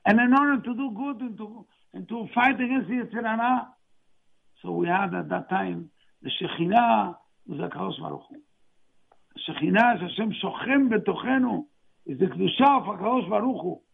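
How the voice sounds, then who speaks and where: Male religious teacher, high gravelly voice, halting English, tinny radio sound. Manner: mixes Hebrew phrases into halting English, slow emphatic stresses. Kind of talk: Tisha B'Av talk.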